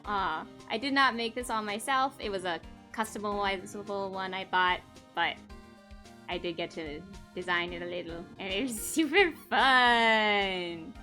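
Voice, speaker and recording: A woman's voice: medium pitch, a little slow, pushed and bright, soft background music. A young woman live-streaming a game, chatting casually and giggling often.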